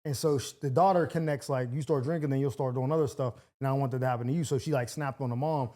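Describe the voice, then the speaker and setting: A man's voice: medium pitch, fairly even intonation, quick pace, mellow. A male comedian and show regular telling a story in casual podcast chat, acting out other people's lines.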